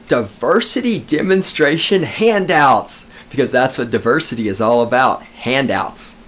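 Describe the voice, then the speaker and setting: A man's voice: mid-range voice, expressive, measured pace, hardly any pauses, fairly bright tone. A man hosting a podcast, ranting alone in a sarcastic, profane, mocking way. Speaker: podcast host. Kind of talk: sarcastic solo podcast rant.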